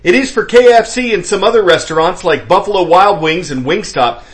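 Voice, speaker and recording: A man reading the news as anchor in a brisk, clear newsreader delivery. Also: sits high. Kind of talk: scripted news narration.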